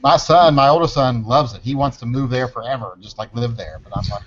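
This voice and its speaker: A man's voice: medium pitch, a little fast, a bit bright, a little hiss or hum. A man in a casual podcast chat, blunt and joking, with the odd curse. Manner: blunt, joking, occasionally profane. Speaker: podcast co-host. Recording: dull lo-fi sound.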